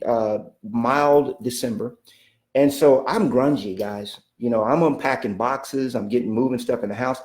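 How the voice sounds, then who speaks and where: Folksy storytelling man in an echoey room. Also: mid-range voice. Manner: animated, folksy storyteller with many restarts. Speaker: real estate coach. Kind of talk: casual storytelling talk.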